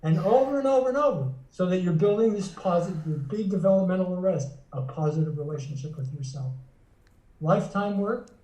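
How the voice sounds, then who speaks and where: A psychotherapist and author, a man with a high-pitched, mellow voice, talks fairly quickly with lively intonation, explaining earnestly in an interview and often restarting phrases as he teaches. The mic is distant and the room echoey.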